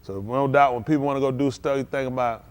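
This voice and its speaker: A man preaching a live-streamed sermon at a synagogue service, in a folksy, conversational way, asking the congregation questions and now and then breaking into loud outbursts. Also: medium pitch, steady tone, quick pace, clear, resonant tone.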